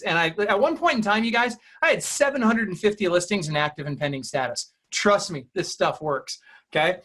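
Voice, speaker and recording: A man's voice: high-pitched, expressive, a little fast, a bit bright. A man coaching real estate agents in an interview, talking emphatically and acting out client dialogue.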